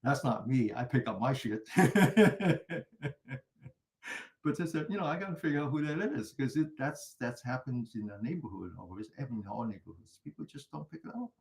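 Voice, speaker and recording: An older man leads a mindfulness class in a loose, conversational way, telling stories and checking in with his listeners. His voice sits at a middle pitch, and the room around him rings with echo. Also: expressive, moderate pace, vocal fry, a little mellow. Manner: chatty storytelling with frequent laughs and rhetorical "right?". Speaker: mindfulness teacher. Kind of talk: teaching a meditation class.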